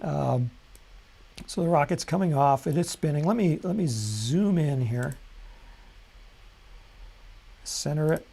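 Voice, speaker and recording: A man hosting a live software tutorial, talking casually and thinking aloud at his computer, with frequent ums and self-corrections. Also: fairly high pitch, expressive, slow pace, creaky, pauses often, husky. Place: at a computer desk.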